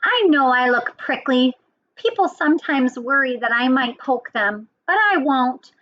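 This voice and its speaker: Woman voicing a gentle prickly porcupine. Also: sits high, expressive, unhurried, highs cut off. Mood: reassuring.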